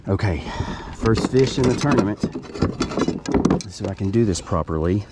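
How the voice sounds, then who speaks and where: A man's voice: lowish voice, lively intonation, moderate pace, noisy background. A man talking casually to the camera while kayak fishing on a river outdoors, chatty and self-deprecating. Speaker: fishing vlogger. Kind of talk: casual outdoor vlog narration.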